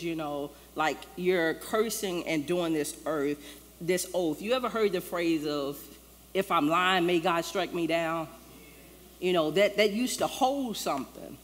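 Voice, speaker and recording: A woman pastor preaching a sermon in a loose, conversational way, acting out the lines she quotes. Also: lowish voice. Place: church sanctuary. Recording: long church-hall reverb, faint ambience.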